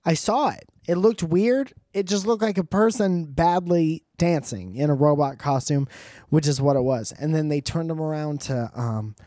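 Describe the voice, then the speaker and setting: A man's voice: on the high side, moderate pace, warm tone, no room sound, studio quality. A man doing a rambling, profane comedic monologue with joking asides.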